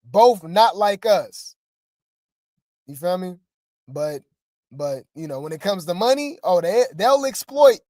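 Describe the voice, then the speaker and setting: A woman's voice: fairly low pitch, moderate pace, a little mellow, no echo, clean studio sound. A woman hosting gossip commentary in a casual, sassy way, often repeating her phrases.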